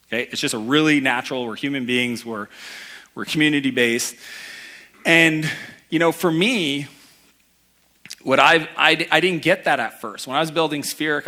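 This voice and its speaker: Guy giving a pumped-up business talk on stage, bright forceful voice, jumps into characters mid-story. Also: mid-range voice. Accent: Canadian. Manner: energetic storytelling, acts out voices in anecdotes. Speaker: keynote speaker. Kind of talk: live motivational talk. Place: event hall before a live audience.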